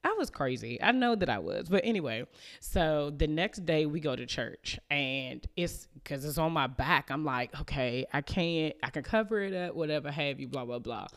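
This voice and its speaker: A woman's voice: low voice, expressive, moderate pace. A woman in her thirties hosting a podcast, telling a personal story in a casual, chatty way, with plenty of fillers and small laughs, acting out her family's lines as she goes. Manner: acts out family members' lines. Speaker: podcast host.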